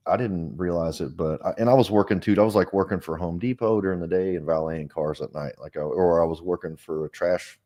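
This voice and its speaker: A man with a deep, low-pitched voice recounts his own past as an interview guest. He talks frankly and earnestly, rambling a little and circling back to restart his sentences. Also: brisk, few pauses, warm tone. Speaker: interview guest, foundation director. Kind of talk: personal storytelling in an interview.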